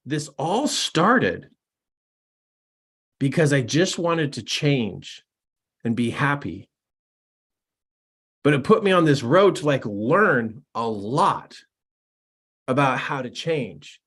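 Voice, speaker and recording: A middle-aged man, a personal development coach, telling stories and giving a motivational talk in an excitable, animated way. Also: on the high side, breathy edge. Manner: animated and excitable, laughs at his own stories. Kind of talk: storytelling to camera, motivational talk.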